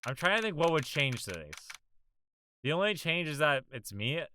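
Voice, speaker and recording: Animated, bright-voiced young man streamer. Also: on the high side, moderate pace, a little hiss or hum. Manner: casual, swears freely, reacts loudly. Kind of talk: live game playthrough commentary.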